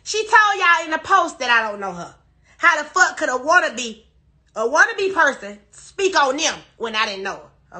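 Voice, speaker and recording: Woman going off on her live, high sharp voice, cussing and repeating herself. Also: very animated, normal speed. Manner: emphatic, profane, repeats her denials. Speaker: livestreamer. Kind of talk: emotional livestream rant.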